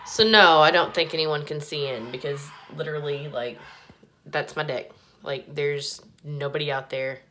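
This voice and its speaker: A woman's voice: sits low, steady tone, normal speed, a bit bright, a little hiss or hum. A woman rambling profanely in a casual chat to her phone camera from a small home bathroom, filling her talk with "like". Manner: rambling, profane, heavy use of "like". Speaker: vlogger. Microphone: phone held in hand.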